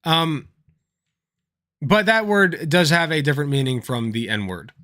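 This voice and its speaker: A man's voice: fairly high pitch, measured pace, sharp tone. A man hosting a livestream, chatting casually and telling anecdotes, swearing freely and laughing at his own stories. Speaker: livestream host.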